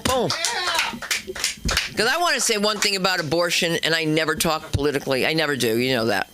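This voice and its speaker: A woman hosts a stand-up night on a comedy club stage, talking in a brash, chatty way. Her voice swoops all over, from low asides to loud high bits. The tone is bright and a little sharp.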